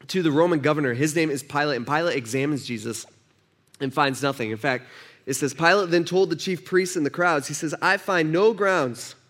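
A man's voice: a little high, a bit bright. A man preaching a sermon, retelling a scripture story in casual modern slang and acting out the characters' voices. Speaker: pastor.

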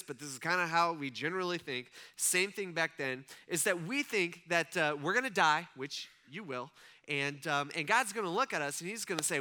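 A man preaching a casual, conversational sermon, acting out voices and asking his audience questions. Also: fairly high pitch. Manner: animated, conversational, acts out voices, asks the audience. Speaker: pastor.

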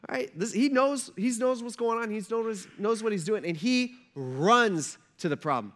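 High-voiced, animated male pastor. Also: moderate pace. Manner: animated, conversational storytelling with many fillers. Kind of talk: sermon.

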